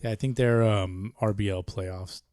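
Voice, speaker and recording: A man in his thirties hosting a podcast, cursing freely and joking in bursts of loud banter. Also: lowish voice, steady tone, moderate pace, no room sound, clean studio sound. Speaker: podcast host.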